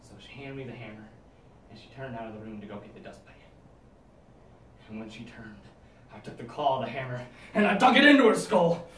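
Young man in a dark dramatic monologue. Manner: swings between hushed, low menace and loud shouting. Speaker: competitor performing a monologue. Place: room at a speech competition. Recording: echoey room, mic at a distance.

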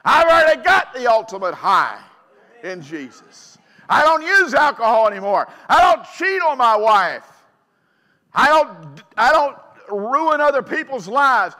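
Earnest reformed ex-addict man, put on by a pastor: bright, high, shouted testimony. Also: heavily acted. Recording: long church hall reverb.

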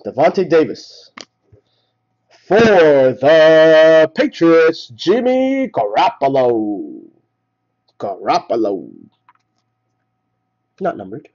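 A man hosts a live card break, slowly calling out each card he pulls and lifting his voice at the good ones. His pitch swings widely, with a fairly high voice. The stream audio sounds dull and lo-fi. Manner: rattles off names, excited at big hits. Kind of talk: live card-opening commentary.

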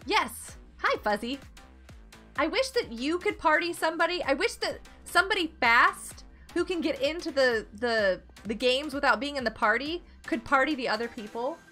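A woman's voice: high-pitched, animated, normal speed, pushed and bright, soft background music. A woman live-streaming a block game, chatting casually and encouraging her friends with lots of giggles.

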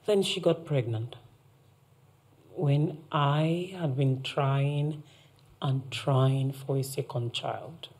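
An actress with a Nigerian accent plays a middle-aged mother calmly confessing a scheme, unrepentant, in a TV drama. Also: a bass voice, exaggerated voice. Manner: measured, unrepentant. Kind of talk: TV drama acting.

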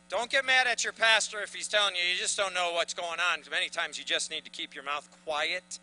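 A man preaching a sermon with a high, brilliantly bright voice. His delivery swells into emphatic bursts. A faint hum sits under the recording. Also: fairly quick, few pauses, poor audio. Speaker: pastor.

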